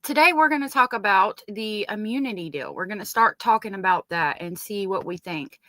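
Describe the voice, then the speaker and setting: A woman's voice: medium pitch, normal speed, pushed and bright, dry recording. A woman with a Southern US accent hosting a casual true crime live stream, chatting and greeting viewers by name.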